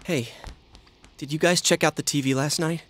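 This voice actor plays an earnest, determined teenage schoolboy in a video game, speaking urgently and talking things through. His voice is a little high and fairly bright, close to an everyday voice, with fairly even intonation and a moderate pace.

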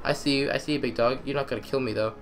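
A young man giving excitable let's-play commentary, trash-talking the game and repeating phrases in quick bursts. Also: medium pitch, faint music behind. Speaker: gamer.

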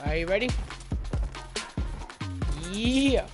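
A man streaming a shooter match, chatting excitably with a friend and exclaiming at the game. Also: high voice, drawn-out words. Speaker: gamer streaming his match. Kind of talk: casual gaming banter. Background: game music.

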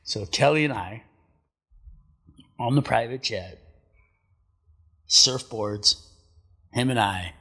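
A middle-aged man, a pro surfer and commentator, telling stories as a guest in a casual chat, profane and animated. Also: medium pitch, slow, pauses often, husky, in a large hall. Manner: profane, animated, acts out quotes.

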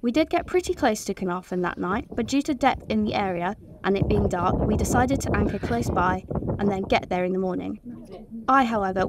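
A woman's voice: medium pitch, background noise. A teenage girl reading a scripted voice-over for her sailing vlog, in a plain, upbeat storytelling way. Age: teens. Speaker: vlogger.

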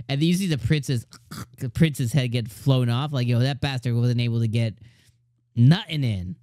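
Man, anime reviewer, excited casual chat, dry close sound, mid pitch. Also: normal speed, no echo. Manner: enthusiastic, acts out character lines.

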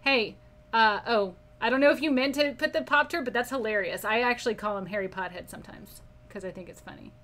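With a fairly high, slightly bright voice and a fairly quick pace, a woman runs a live painting lesson. She chats easily, reads viewers' comments out loud and laughs a lot.

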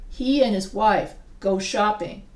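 Slow, deliberate woman teaching grammar. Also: medium pitch, darkish tone. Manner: reads word pairs aloud slowly and deliberately, with asides. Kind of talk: recorded classroom-style lesson. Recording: echoey room, mic set far off.

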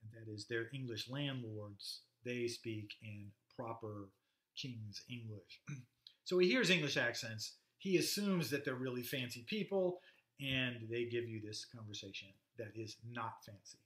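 A man giving a casual, halting literature lecture, stopping often with fillers and reading passages aloud. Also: medium pitch, a bit bright. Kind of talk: recorded classroom lecture. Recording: roomy echoey room.

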